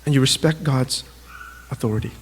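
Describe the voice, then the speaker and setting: A man giving a sermon to young people, telling animated stories and acting out little exchanges. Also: mid-range voice, brisk, a little hiss or hum. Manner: animated storytelling, acts out quotes. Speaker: youth speaker. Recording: long hall reverb.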